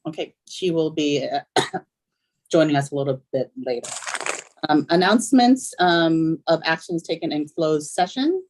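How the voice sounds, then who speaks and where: A woman's voice: deep voice, normal speed, darkish tone. A woman presiding as school board president, reading procedural items with frequent ums. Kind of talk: chairing a public meeting.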